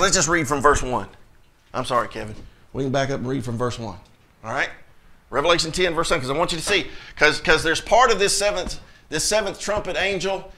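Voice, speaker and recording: A man's voice: on the high side, sharp tone. A man preaching a sermon as pastor, reading scripture aloud and talking directly to his congregation with emphatic conviction. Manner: reads scripture aloud in King James wording.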